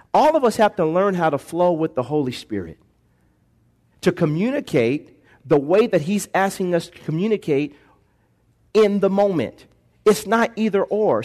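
A male pastor preaching a sermon in a church on a microphone, calling for responses from the congregation and shifting pace and volume. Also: high voice.

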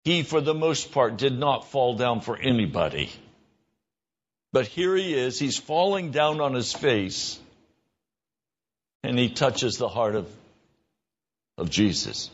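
A man preaching a sermon in an earnest voice, his pitch rising when he stresses a point or acts out a quick exchange. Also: very animated, dull audio. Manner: earnest, rises in pitch for emphasis and mimicked dialogue.

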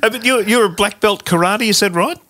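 A talk show co-host adding slow, amused interjections and questions. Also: medium pitch, pushed and bright, a little hiss or hum. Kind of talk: casual interview.

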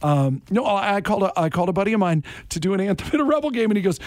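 A man hosting a morning radio show, chatting casually with quick, joking asides. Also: high voice, big pitch swings, no room sound, studio quality.

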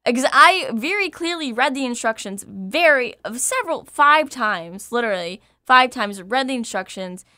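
A woman host telling a personal story in casual chat, candid and animated, laughing as she goes. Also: high-pitched, moderate pace, few pauses, clear, resonant tone, no room sound, clean studio sound.

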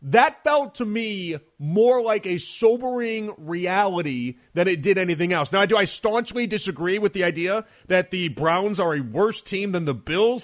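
A male sports radio host with a high voice for a man pushes his point hard. He hammers home each argument and keeps circling back to the same phrases for emphasis, like someone talking straight into a studio microphone. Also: a bit bright. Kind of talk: opinionated radio monologue. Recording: radio broadcast.

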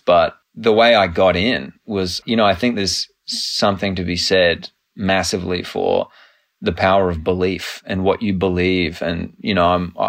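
An Australian man in his thirties, an actor guest in a casual interview, telling stories in an animated, laughing way. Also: low voice.

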